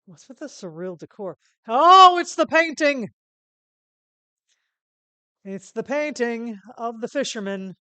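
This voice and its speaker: A woman's voice: medium pitch, animated, normal speed, hardly any pauses, darkish tone, no room sound, voice pushed up, close to an everyday voice. A woman voicing a young male defense attorney in a wry, dry way, with game music behind. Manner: wry, dry inner remarks.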